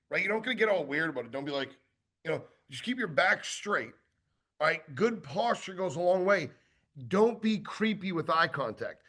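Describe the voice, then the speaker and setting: A man giving a casual sales training talk, acting out quick exchanges with customers and tossing in lots of fillers and asides. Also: sits high. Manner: animated, acts out customer exchanges; conversational with many fillers and asides.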